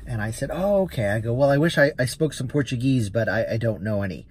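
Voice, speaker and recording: A man's voice: medium pitch, quick pace, husky. A man, a rideshare driver and vlogger, chatting casually as he recounts a story with quoted dialogue.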